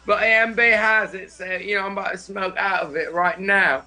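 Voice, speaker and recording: A man putting on a mock English accent as a jolly, swearing bloke, loud and laughing. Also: high-pitched, steady tone, normal speed, exaggerated voice. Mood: boisterous. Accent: put-on English.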